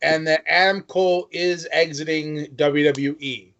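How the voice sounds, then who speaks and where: A man's voice: a little high, steady tone, measured pace, a bit bright. Brash joking man, lo-fi sound. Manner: brash, jokey, swears freely. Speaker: podcast co-host. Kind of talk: casual wrestling chat. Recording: dull lo-fi audio.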